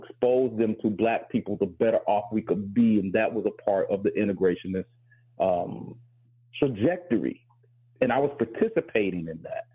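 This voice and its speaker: A man's voice: mid-range voice, slightly rough, narrow, tinny audio. A male professor on a talk show, speaking in a thoughtful, candid way with flashes of self-deprecating humor. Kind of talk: reflective talk-show discussion.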